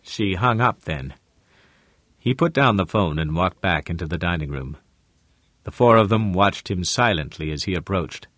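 A man narrating a novel in a measured, steady storytelling manner. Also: sits low, no echo, clean studio sound. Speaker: audiobook narrator. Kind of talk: scripted narration.

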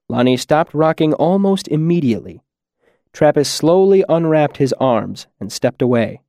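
Man, audiobook narrator, measured and quiet, mid-pitched, dry close recording. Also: lively intonation, dry recording. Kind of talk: first-person audiobook narration.

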